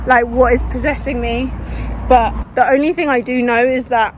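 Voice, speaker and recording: A woman's voice: on the high side, steady tone, normal speed, slight background noise. Breathless woman vlogging mid-run. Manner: rambling, earnest, restarts often. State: out of breath, dry mouth. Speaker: fitness vlogger. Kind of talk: casual vlog while running. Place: outdoors on a street. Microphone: phone held in hand.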